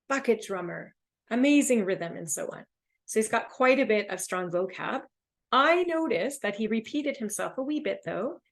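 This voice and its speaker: A woman with a Canadian accent leads a test-prep webinar. Her intonation rises and falls freely as she explains. A touch of vocal fry runs through her mid-pitched voice. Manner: lively, rising and falling intonation. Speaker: English test instructor. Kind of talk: webinar teaching.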